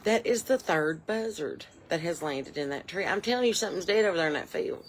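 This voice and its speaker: A woman's voice: lowish voice, lively intonation, brisk, slight background noise, natural voice. A woman in her forties playing a chatty, folksy mom, rambling on her porch with a drawl. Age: 40s. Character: chatty middle-aged Southern porch mom, nosy and folksy. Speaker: comedy character host. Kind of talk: improvised character monologue. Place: on a porch outdoors.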